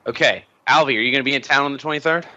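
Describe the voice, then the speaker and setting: A man's voice: mid-range voice, racing. A man co-hosting a podcast in casual chat, joking and hesitating with ums. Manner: animated, jokey, hesitant with ums. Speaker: podcast co-host. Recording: dull lo-fi podcast audio.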